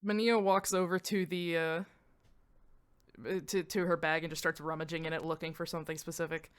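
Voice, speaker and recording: A woman's voice: low voice, level tone, fairly quick, smooth. A woman playing a tabletop game, narrating her character's actions in a casual, swearing, joking way.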